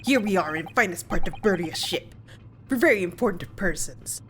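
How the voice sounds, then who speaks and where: A woman's voice: on the low side, animated, moderate pace, fairly bright tone, slight background noise. A woman voicing a curt, hostile male ship guard in a put-on Russian accent and broken English, reading game dialogue aloud. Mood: boastful.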